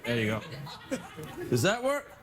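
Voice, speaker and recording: A man's voice: mid-range voice, wildly swooping pitch, measured pace, a crowd in the background. A man with a Scottish accent hosting a late-night show, delivering a rambling comic monologue with laughing asides. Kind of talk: comic monologue to a studio audience.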